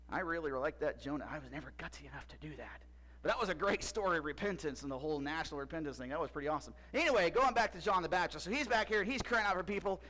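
In a rough recording, a man with a slightly high, fairly bright voice plays a costumed character in a church skit. He tells a Bible story in the first person, joking around and asking the audience questions.

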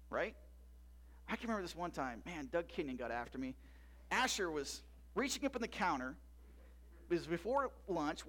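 A man preaching a sermon as pastor, animated with loud rising emphasis, soft asides and frequent tag questions to the congregation. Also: a little high.

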